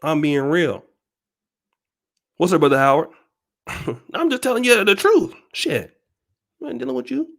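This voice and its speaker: A man's voice: high-pitched, moderate pace, creaky, pauses often. A man hosting his own channel, ranting at viewers in an emphatic, profane, repetitive, preachy way. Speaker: channel host.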